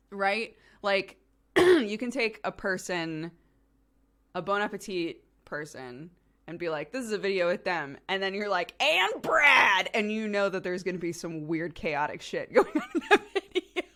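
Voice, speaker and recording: A young woman talks to her stream at an unhurried pace. Her pitch sits a little low but swings widely as she giggles and rambles through fillers. The chat stays loose and easygoing. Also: a bit bright. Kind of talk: casual chat with chat readers.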